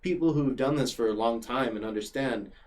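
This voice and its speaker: A man's voice: mid-range voice, a little fast. A young man chatting casually as a podcast guest, telling stories with lots of fillers. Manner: animated storyteller, many fillers like "like". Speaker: podcast guest and former regular.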